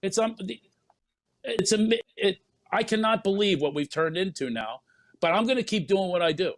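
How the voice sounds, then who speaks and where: A man, a comedian guest, telling a story in an animated way and acting out other people's lines in quick bursts. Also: high voice, rough recording.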